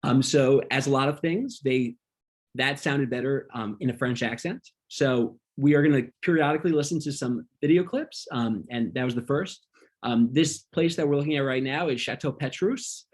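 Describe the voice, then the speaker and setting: Casual male teacher, husky voice, relaxed, lots of ums, online class. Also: medium pitch, normal speed. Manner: relaxed, many ums, talks through slides. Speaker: wine workshop instructor.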